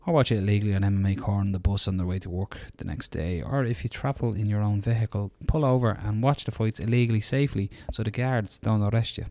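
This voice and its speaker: A man's voice: on the low side, fast talker, hardly any pauses, warm tone. A man hosting a podcast, chatting casually and joking as he wraps up the show. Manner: jokey, wraps up with banter. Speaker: podcast host.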